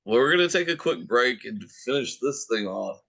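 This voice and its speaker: A man's voice: mid-range voice, expressive, normal speed, vocal fry, fairly bright tone. A young man co-hosting a wrestling podcast in casual chat, laughing often, swearing and teasing. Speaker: podcast co-host.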